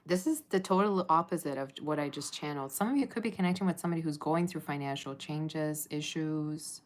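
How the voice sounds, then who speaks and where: A woman's voice: low-pitched, fairly quick. A woman giving a casual tarot reading to camera, chatty and laughing often as she talks to viewers. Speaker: tarot reader.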